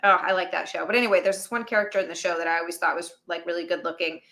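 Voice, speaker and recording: A woman co-hosting a casual stream chat, relaxed and chatty, laughing along. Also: lowish voice, very fast. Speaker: co-host.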